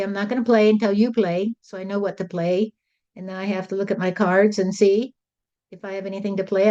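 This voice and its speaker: Woman channeling Jesus as a plain-talking, folksy male spirit: mellow voice, muffled lo-fi sound. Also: mid-range voice, close to an everyday voice. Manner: folksy, rambling, repeats "you see". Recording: dull lo-fi recording.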